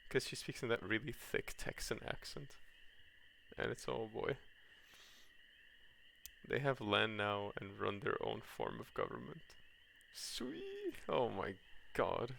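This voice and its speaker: Fairly low but swinging widely in pitch, this man talks a little slowly, his voice creaky and fairly bright, with a slight hiss or hum on the recording. He chats loosely with his stream while playing a cozy farming game, laughing, answering chat and often starting over, as game music plays faintly.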